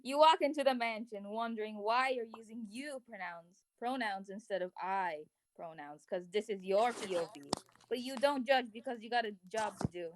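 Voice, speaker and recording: Woman, fairly high voice, dry close sound, jokey theatrical reading, giggly. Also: normal speed, dry recording. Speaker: co-host reading fan fiction aloud. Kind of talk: playful mock-dramatic reading.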